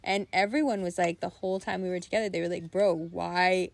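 A young adult woman chatting casually, telling stories in a rambling, animated way full of "like" and laughter. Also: mid-range voice, quick pace, creaky, no echo. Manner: rambling, animated storytelling with frequent "like" and bursts of laughter. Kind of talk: casual chat.

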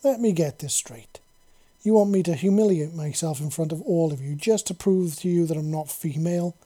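A man's voice: sits high, lively intonation, moderate pace, dark tone. A man voicing a brash young human soldier who swears and talks bluntly but nervously. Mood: defensive.

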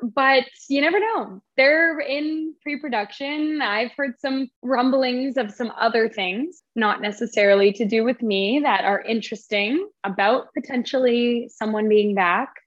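An actress as a podcast guest, telling stories in a lively, laughing way. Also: female voice, on the high side, unhurried. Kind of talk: casual podcast chat. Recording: slightly dull lo-fi sound.

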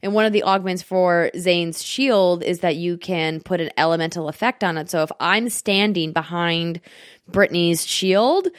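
A woman's voice: fairly low pitch, moderate pace, dry recording, clean studio sound. A woman co-hosting a gaming podcast, reading a sponsor ad upbeat and then explaining game details in casual chat. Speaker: podcast co-host.

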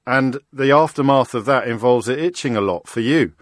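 A British man hosting a radio phone-in, quick and wry, teasing his callers while restarting his sentences. His voice sits mid-range and sounds close and dry on a studio mic. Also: mid-range voice, dry recording. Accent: British English. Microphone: studio microphone.

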